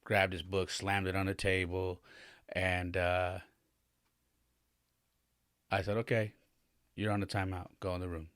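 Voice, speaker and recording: Low-pitched and level, this man in his forties talks at a measured pace with long pauses and a slightly bright tone. Hosting a podcast, he recounts a frank family story, voicing the dialogue and rising in pitch as he gets worked up; the studio recording has no echo.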